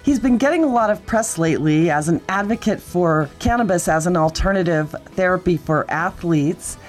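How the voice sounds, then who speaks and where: Low-voiced woman hosting a show. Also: moderate pace, soft background music. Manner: polished, read-aloud delivery. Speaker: podcast host. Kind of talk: scripted introduction and interview questions.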